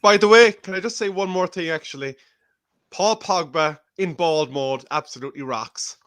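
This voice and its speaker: A man's voice: on the high side, moderate pace, a bit bright. A man with an Irish accent, a panelist in a casual football chat show. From Ireland.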